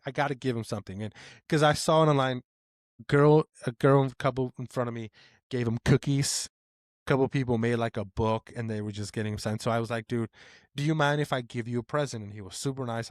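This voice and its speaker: A man co-hosting a casual podcast, telling his stories with eager excitement. His voice sits at a middling pitch and lifts when he gets worked up. The recording is close and dry. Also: fairly quick, no room sound. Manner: excitable storytelling, voice rises when animated. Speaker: podcast co-host. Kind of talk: casual chat.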